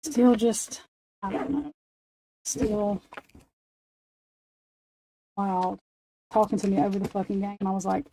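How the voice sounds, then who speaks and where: Foul-mouthed woman in her forties, mellow. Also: mid-range voice, flat delivery, unhurried, pauses often, slight background noise, low-quality recording. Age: 40s. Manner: profane, rambling storytelling with laughs. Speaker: livestream host. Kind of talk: casual late-night chat.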